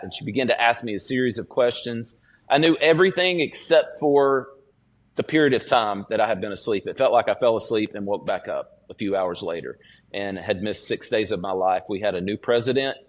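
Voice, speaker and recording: In a podcast interview, a student pastor appearing as a guest gives a personal testimony in a fairly low voice. He's earnest and unpolished, pausing, restarting, and using lots of fillers as he recalls what happened.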